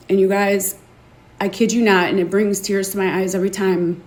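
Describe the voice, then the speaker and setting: A woman hosting a show, telling her own story to an online audience in an earnest, emotional, confiding way, halting and repeating words as she gathers her thoughts. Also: mid-range voice, flat delivery. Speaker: podcast host. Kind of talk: candid personal testimony to an online audience.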